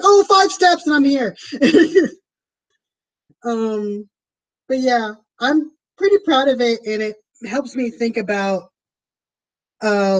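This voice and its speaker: A woman's voice: medium pitch, darkish tone, low-quality recording. A woman streaming from her home, chatting casually and rambling with lots of fillers as she plans a tabletop game. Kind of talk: casual chat to viewers.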